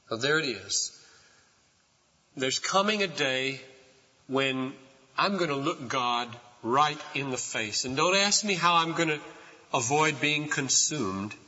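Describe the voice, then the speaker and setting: A man preaching a sermon as a pastor, building from quiet passages to loud, impassioned outbursts. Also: medium pitch, in a large hall, muffled recording.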